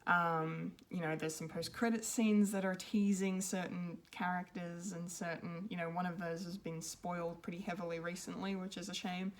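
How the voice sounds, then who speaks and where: A woman's voice: fairly low pitch, level tone, moderate pace, few pauses. A woman giving an unscripted film review, rambling and hesitant, with many ums and restarts. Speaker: pop culture reviewer.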